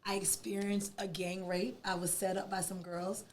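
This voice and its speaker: A woman, a podcast guest telling a personal story in an animated, emphatic way. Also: medium pitch, moderate pace, a little hiss or hum. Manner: animated, emphatic, acts out quoted dialogue.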